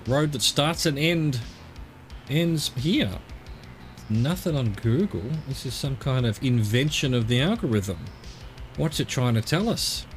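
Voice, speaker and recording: Australian male streamer, loose rambling commentary, soft music underneath. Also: medium pitch, lively intonation, measured pace. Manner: rambling, muttering to himself while exploring. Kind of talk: casual live-stream commentary.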